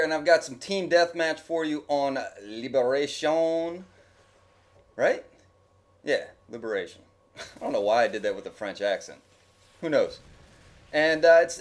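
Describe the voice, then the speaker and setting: A man talking casually over his gameplay footage as a YouTube gamer, rambling and joking with his viewers. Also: on the high side. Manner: rambling, chatty, jokey. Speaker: gaming YouTuber.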